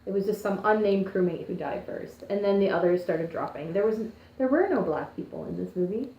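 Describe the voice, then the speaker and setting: Animated Canadian woman, roomy lo-fi sound. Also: mid-range voice, a little fast, slight background noise. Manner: animated, sarcastic asides. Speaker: podcast co-host. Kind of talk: casual chat.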